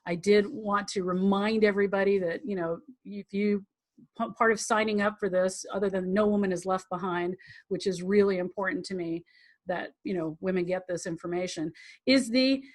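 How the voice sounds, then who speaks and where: A woman's voice: mid-range voice, steady tone, moderate pace. A woman teaching a tantra class, talking in a chatty, rambling way, acting out quotes and laughing often. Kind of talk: live online class teaching.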